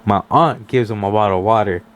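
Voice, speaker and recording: A man's voice: lowish voice, fast talker. A young man on a casual podcast, telling a story with lots of "like" and acting out what other people said. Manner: animated storyteller, acts out quoted voices, many "like" fillers. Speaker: podcast guest.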